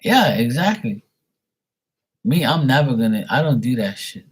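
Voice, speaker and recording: A man's voice: medium pitch, sing-song, normal speed, breathy edge. A man chatting casually with viewers on his live tarot stream, blunt and swearing freely.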